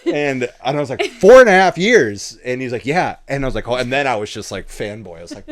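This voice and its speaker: A man telling travel stories in a relaxed, casual way in a podcast interview, often swearing and acting out what people said. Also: mid-range voice, fast. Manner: laid-back, swearing, acts out dialogue. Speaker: guest photographer.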